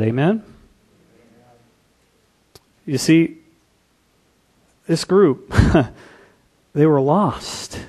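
A man's voice: mid-range voice, darkish tone. A man preaching a sermon as pastor, throwing rhetorical questions at the congregation.

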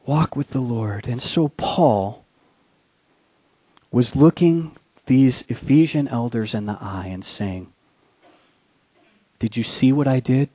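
A man preaching a sermon, reading scripture and telling a war story, swinging from hushed and slow to loud and urgent. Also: medium pitch, husky, dry recording. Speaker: pastor.

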